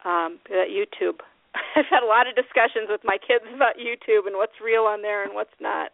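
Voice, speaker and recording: A woman's voice: medium pitch, creaky, no echo. A bubbly Midwestern woman hosts a casual chat over a tinny phone line, her voice sounding dry and close. She laughs easily, trails off and restarts her thoughts as she goes. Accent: Midwestern American. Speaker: host.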